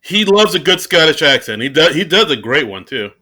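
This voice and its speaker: A man co-hosting a podcast, chatting casually and tossing in playful quick jokes. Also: a little high, big pitch swings, sharp tone. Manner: playful, quick jokey replies. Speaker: podcast co-host.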